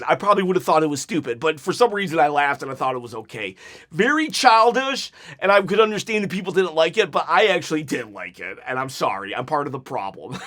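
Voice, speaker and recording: A man casually reviewing a wrestling show, rambling and animated, with plenty of filler words, sarcastic asides and quick laughs. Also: high voice. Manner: sarcastic, mock-quoting wrestlers in put-on voices; laughs while talking.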